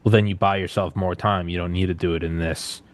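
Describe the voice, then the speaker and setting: Very deep, flat-voiced man co-hosting. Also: fairly quick. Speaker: co-host. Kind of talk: casual chat.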